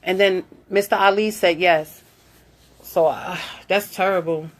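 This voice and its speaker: Her fairly low voice has a fairly even intonation and a measured pace. Hosting a relaxed live video, the woman chats, reads viewer comments aloud while warmly greeting them, and coaches her daughter like a mom.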